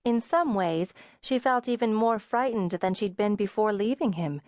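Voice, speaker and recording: A woman's medium-pitched voice tells an audiobook story from a script, calm, measured, and even. Studio quality, with a dry recording.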